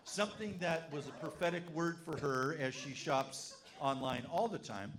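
A man's voice: fairly high pitch, normal speed, a crowd in the background. A man, a pastor, preaching a sermon to his congregation, telling stories and asking the room questions. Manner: animated storytelling, asks the congregation questions. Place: church service.

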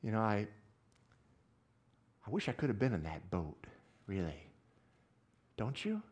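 Male pastor, sermon in a church; animated, lively pitch, alternates loud exclamations with quiet asides, asks the room questions. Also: a little slow, slightly rough. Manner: asks the audience questions often.

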